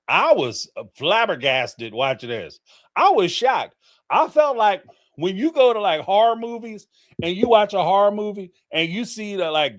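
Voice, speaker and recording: A middle-aged man hosting a call-in livestream, giving casual, theatrical commentary with frequent laughter. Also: sits high. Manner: animated, theatrical, laughing storyteller.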